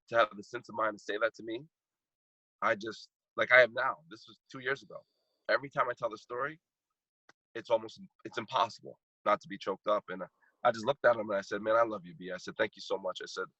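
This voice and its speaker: A man's voice: fairly low pitch, sharp tone, breathy edge, no echo, highs cut off. A man telling a heartfelt personal story as a podcast guest, earnest and repeating phrases for emphasis. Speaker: guest speaker and coach.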